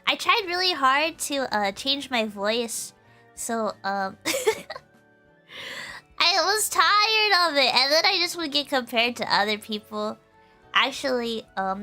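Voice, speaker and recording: A woman streamer chatting casually with her viewers in a high, girlish voice, giggling often and filling her talk with "like". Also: sharp tone. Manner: giggly, laughs often, full of "like" fillers.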